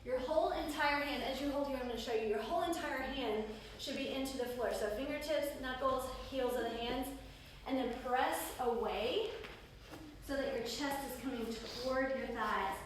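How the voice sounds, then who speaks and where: A woman with a slightly high voice leads a yoga class, calling out each pose at an unhurried, breath-led pace. She sounds set back from the mic in a very echoey room, with a faint hiss underneath. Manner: calm breath-paced cueing. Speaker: yoga instructor. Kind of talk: guided yoga class instruction. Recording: roomy echo, distant mic, faint noise.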